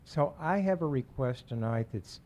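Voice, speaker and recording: A man speaks to the mayor and council during public comment, earnest and measured, often restarting mid-phrase. His voice is mellow and warm, at a middle pitch. A faint room hum sits behind him. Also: lively intonation, rough recording. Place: council chamber.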